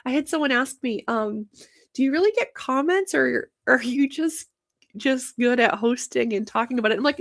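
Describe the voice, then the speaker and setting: Energetic young woman host, fast and chatty, slightly high voice. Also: gravelly. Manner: fast, energetic, lots of fillers. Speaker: host of a banking livestream show. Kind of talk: casual livestream chat.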